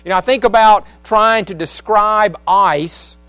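A man's voice: high-pitched, unhurried, a bit bright, clean tone, dry recording, soft background music. A man preaching a midweek church service, mixing folksy asides to the congregation with scripture reading. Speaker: pastor. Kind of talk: sermon. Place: church sanctuary. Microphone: wireless handheld microphone.

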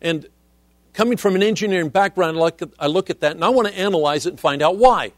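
Earnest higher-voiced man preaching. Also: no room sound. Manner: earnest, measured preaching with scripture quotes. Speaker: missionary preacher. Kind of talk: sermon.

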